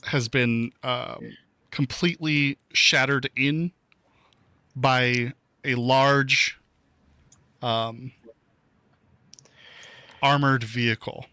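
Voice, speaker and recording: Male game master, slow and hesitant, bright dry voice, lots of ums. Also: medium pitch, steady tone, smooth, dry recording. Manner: hesitant, many fillers. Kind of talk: narrating a tabletop game.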